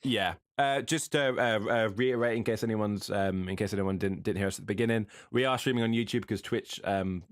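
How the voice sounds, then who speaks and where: A man's voice: on the low side, brisk, few pauses, dry recording, clean studio sound. A man co-hosting a casual podcast, telling stories in a rambling way with lots of fillers and restarts. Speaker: podcast co-host. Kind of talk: casual chat. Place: home streaming setup.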